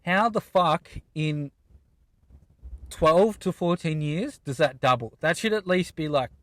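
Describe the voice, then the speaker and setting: A man's voice: a little high, a little slow, dry recording. A young Australian man in his twenties, hosting a podcast and ranting in a casual, profane way from inside a car. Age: 20s. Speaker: podcast host. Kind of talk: casual solo rant.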